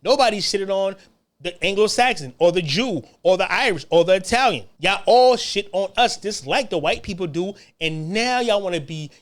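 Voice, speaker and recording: An American man hosting a podcast, delivering a heated, profane solo rant in hammering repeated phrases that climb louder as he gets worked up. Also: expressive, moderate pace. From United States. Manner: grows louder and higher when worked up. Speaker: podcast host.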